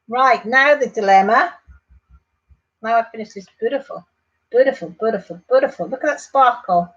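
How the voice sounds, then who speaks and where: A woman's voice: medium pitch, moderate pace, lo-fi sound. A woman hosting a casual craft livestream, chatting and reading out viewer comments. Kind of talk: casual live chat while crafting.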